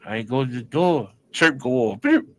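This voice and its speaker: A man's voice: mid-range voice, lively intonation, normal speed, low-quality recording. A man telling a street story in casual, profane slang as a guest on an interview show. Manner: profane, street slang, acts out the other people in his story.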